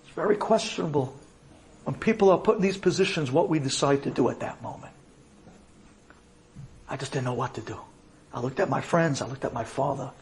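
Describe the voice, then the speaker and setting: A rabbi giving a dramatic personal storytelling talk, swinging from loud to quiet for emphasis. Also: male voice, mid-range voice, brisk, pauses often, a little hiss or hum.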